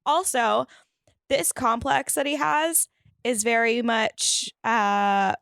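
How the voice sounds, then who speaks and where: A woman's voice: fairly high pitch, steady tone, slow, creaky, fairly bright tone, dry recording, clean studio sound. A woman co-hosting a podcast in casual chat, blunt and fired-up, swearing heavily. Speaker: podcast co-host.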